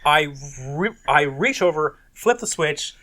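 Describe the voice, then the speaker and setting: Bright, animated male podcast co-host. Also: on the high side, measured pace. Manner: animated ranting with profanity. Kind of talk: casual chat.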